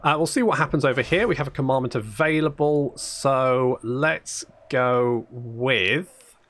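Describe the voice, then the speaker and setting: A man's voice: medium pitch, measured pace, a bit bright. A man giving casual, sarcastic let's-play commentary, thinking aloud and swearing freely. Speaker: gaming channel host.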